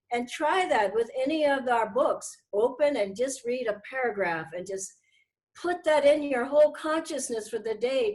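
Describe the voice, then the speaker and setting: A middle-aged woman giving a gentle, earnest spiritual talk to her followers, slowing down to stress key words. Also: a little high, poor audio. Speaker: spiritual teacher.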